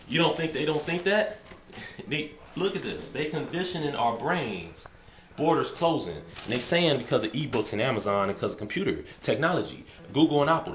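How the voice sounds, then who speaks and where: A man's voice: medium pitch, fairly bright tone, roomy sound, a little hiss or hum. A man talking to camera in a rambling, emphatic way, often restarting his sentences. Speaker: vlogger. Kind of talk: casual monologue to camera.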